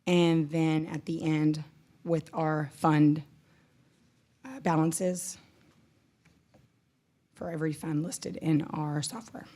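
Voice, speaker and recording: Brief: woman, very low pitch, treasurer presenting finances step by step. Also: fairly even intonation, takes it slowly, pauses often, dark tone. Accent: Texan. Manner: methodical, walks through report sections with small self-corrections. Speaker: county treasurer. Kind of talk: presenting a financial report at a public meeting.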